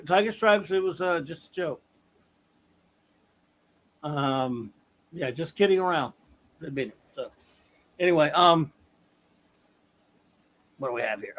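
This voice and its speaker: A man with a fairly high speaking voice hosts a relaxed podcast chat. He drifts through his sentences with fillers and false starts, keeping things informal. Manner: loose, filler-heavy, meandering. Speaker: podcast host. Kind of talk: casual review chat.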